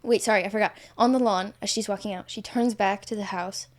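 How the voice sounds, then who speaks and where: A woman's voice: medium pitch, steady tone, a little fast. A woman telling a story in casual conversation, rambling, with many fillers and self-corrections. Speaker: guest author.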